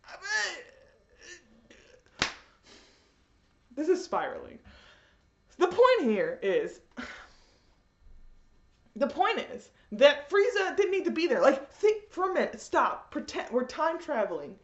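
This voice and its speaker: A woman reviewing an anime episode in a casual vlog, in an animated, rambling fan rant. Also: high-pitched, normal speed. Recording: echoey room, dull lo-fi audio.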